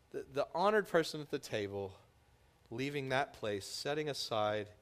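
A man preaching a sermon, telling the story with lively voices for its characters. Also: medium pitch. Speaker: pastor.

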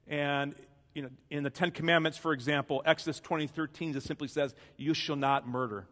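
A man preaches a sermon in a relaxed, conversational way, restarting phrases and pointing listeners to their notes. His voice sits a little high for a man. The sound rings with the long reverb of a large hall. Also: fairly quick. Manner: conversational preaching with frequent restarts and fill-in-the-blank asides. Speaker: pastor.

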